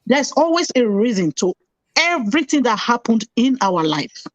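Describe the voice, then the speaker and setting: A woman's voice: fairly high pitch, sing-song, moderate pace, dry recording, muffled recording. A middle-aged woman telling a painful personal story earnestly, repeating phrases for emphasis. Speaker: guest telling her story.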